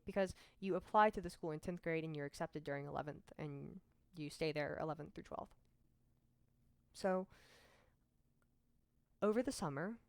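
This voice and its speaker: A young woman from Mississippi speaks straight to camera, telling her own story in a candid, frank manner. Her voice sits a little low for a woman and sounds dry and close, with no room echo. She keeps it conversational and throws in self-deprecating asides. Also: darkish tone, clean tone. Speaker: vlogger.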